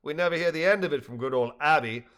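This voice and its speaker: A man's voice: fairly high pitch, fast, a bit bright, clear, resonant tone, natural voice. A man voicing a friendly, easygoing husband who talks in a jovial, casual way.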